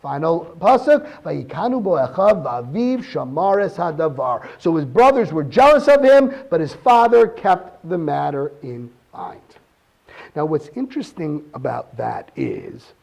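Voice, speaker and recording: A man with a high voice gives a weekly Torah talk. His pitch swings widely as he poses one question after another. He reads verses aloud in Hebrew between his points. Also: sing-song, unhurried, creaky, darkish tone. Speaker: Torah teacher.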